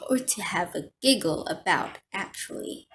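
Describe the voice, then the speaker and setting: A woman's voice: mid-range voice, animated, slow, a bit bright, slight background noise, low-quality recording. A woman voicing a grumpy older man who mutters curt, defensive replies. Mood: gruff.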